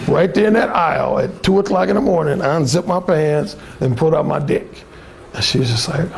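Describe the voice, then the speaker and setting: A man's voice: on the high side, brisk, vocal fry. An older man telling a crude, swaggering story in a blunt, casual way as a dating coach.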